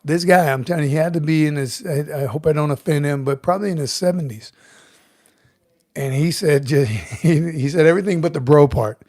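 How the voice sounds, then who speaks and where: A man's voice: a little high, fairly quick, darkish tone, no room sound, clean studio sound. A middle-aged man hosting a casual livestream, chatting easily, chuckling and greeting viewers by name. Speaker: livestream host, retired Marine sergeant major. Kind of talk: casual livestream chat reading comments.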